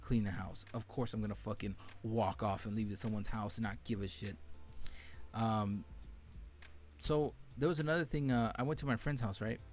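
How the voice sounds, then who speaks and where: A man's voice: on the low side, normal speed, a little mellow, faint music behind. A young man hosting a podcast, telling candid, profane stories from his childhood in a casual monologue. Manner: candid and profane, laughing at painful memories. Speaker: podcast host.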